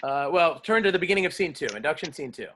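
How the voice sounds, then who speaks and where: A man teaching a class on verse, lively, explaining and quizzing his students. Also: a little high, quick pace, a little hiss or hum. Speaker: drama teacher. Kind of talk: classroom lecture.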